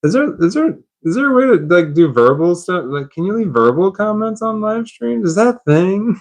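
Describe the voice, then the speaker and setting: A man's voice: high-pitched, lively intonation, moderate pace, darkish tone. A man chatting on a live stream, puzzled and rambling, laughing at himself.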